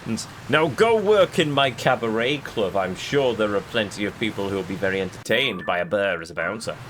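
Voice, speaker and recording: A man's voice: on the low side, expressive, a little fast, a bit bright, slight background noise. Man putting on a cocky one-eyed brawler. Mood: smug. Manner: smug, mocking.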